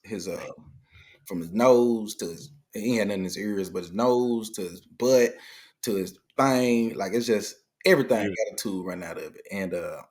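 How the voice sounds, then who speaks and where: A man's voice: lowish voice, normal speed. A middle-aged man, a guest telling a story in casual conversation and acting out the people he quotes. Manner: animated retelling, acting out quoted dialogue.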